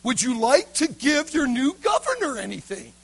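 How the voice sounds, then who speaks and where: A man voicing a calm young governor who speaks quietly and low. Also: gravelly, breathy edge, full character voice. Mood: patient. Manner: soft, low and measured.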